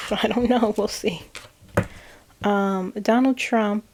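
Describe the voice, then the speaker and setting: A woman tarot reader relaying channeled messages, slow and hesitant, with frequent ums and self-corrections. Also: mid-range voice, fairly even intonation, gravelly, noisy background.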